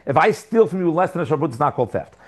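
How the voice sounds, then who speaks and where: A man's voice: fairly high pitch, sing-song, racing, a little mellow. A man teaching a religious text class, reading passages and thinking aloud with lots of rhetorical questions. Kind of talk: lesson with text study. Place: living outside America.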